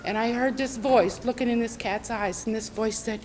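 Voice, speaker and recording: A woman's voice: on the high side, fairly even intonation, normal speed, hardly any pauses, a little mellow, poor audio. Heartfelt middle-aged woman telling her story. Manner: heartfelt and conversational, with many fillers. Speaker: convention speaker. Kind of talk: personal recovery testimony. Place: convention meeting room.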